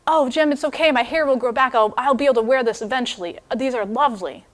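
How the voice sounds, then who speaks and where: A woman voicing an anxious young wife who pleads with her husband in a high, breathless voice while telling a story in a sermon. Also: fast talker, close to an everyday voice. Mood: touched.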